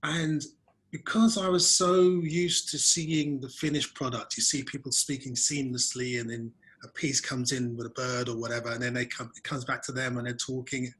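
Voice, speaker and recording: A man's voice: medium pitch, flat delivery, moderate pace, a bit bright, poor audio. Chatty man hosting a video-call chat. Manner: chatty, self-deprecating storyteller. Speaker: webinar host. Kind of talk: casual conversational interview.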